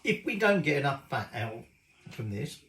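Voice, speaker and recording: A man's voice: medium pitch, big pitch swings, moderate pace, creaky, fairly bright tone, reverberant, low-quality recording. A middle-aged man, rambling casually and swearing mildly as he cooks in his home kitchen. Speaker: cooking show host. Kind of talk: casual cooking vlog chat.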